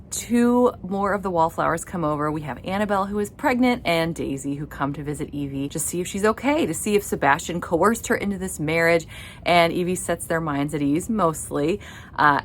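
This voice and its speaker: Brief: deep-voiced woman in her thirties, casual home book vlogger, eager and giggly, faint background rumble. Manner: enthusiastic, laughing as she recaps. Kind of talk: casual reading vlog chat. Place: her home library and playroom area.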